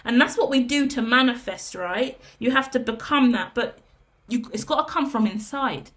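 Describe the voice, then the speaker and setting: Coaching woman tarot reader, fairly high voice. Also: a bit bright. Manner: direct and coaching, with frequent "yeah?" tags; lists things in rapid repetition. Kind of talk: direct-to-camera tarot reading.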